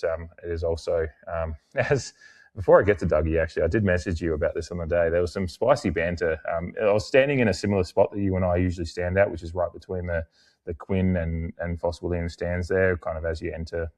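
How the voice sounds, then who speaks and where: A young adult man, co-hosting a casual podcast, rambling with many fillers and restarts. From Australia. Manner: mimics other people in animated, higher-pitched bursts while retelling. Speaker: podcast co-host.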